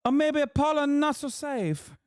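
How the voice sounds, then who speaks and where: A man's voice: very high-pitched, animated, unhurried, a little mellow, no echo, clean studio sound, voice pushed up. A man putting on a mock Italian accent to voice a frightened young Italian woman tourist, exaggerated and mocking.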